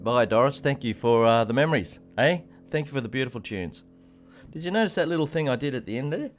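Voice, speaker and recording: Chatty Australian man with lively pitch. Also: fast. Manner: chatty, encouraging, greets viewers by name. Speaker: piano teacher. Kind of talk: live-stream piano lesson, chatting to viewers. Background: piano playing.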